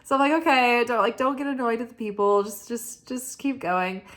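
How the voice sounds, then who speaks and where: A woman's voice: fairly high pitch, normal speed, fairly bright tone. A tired woman hosting a weekly oracle forecast, chatting casually and mocking herself, with many "like"s. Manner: chatty and self-mocking, lots of "like". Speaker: spiritual oracle reader. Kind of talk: casual chat.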